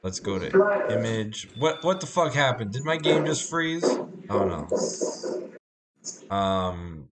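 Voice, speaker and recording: A man's voice: mid-range voice, sing-song, slow, very noisy. A man hosting a live game stream, chatting casually and greeting viewers by name. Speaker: livestream host. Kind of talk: casual chat while gaming.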